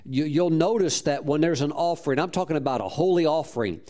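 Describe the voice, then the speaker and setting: A pastor preaches a sermon, telling a story with fervent praise in a warm, slightly high, expressive voice at a quick pace. He restarts phrases frequently, repeating words as he does.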